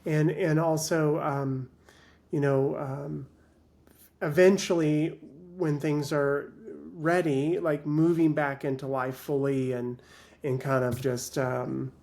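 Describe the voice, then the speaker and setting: A male life coach, a guest on a podcast, talks slowly and reflectively. His voice has a gravelly fry, and he pauses and hedges between his thoughts. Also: fairly high pitch, flat delivery, darkish tone. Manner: measured, with many pauses and fillers. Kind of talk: reflective interview talk.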